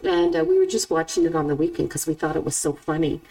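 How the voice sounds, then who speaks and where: A middle-aged woman hosting a podcast in casual chat, animated and laughing often. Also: low-pitched, quick pace, vocal fry, far from the mic, poor audio. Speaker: podcast host and author.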